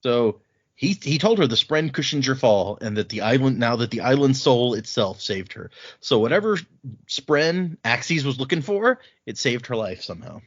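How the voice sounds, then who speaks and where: A man's voice: medium pitch, animated, moderate pace. A man casually recapping a book chapter on a podcast, rambling with many restarts. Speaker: podcast co-host. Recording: slightly lo-fi podcast audio.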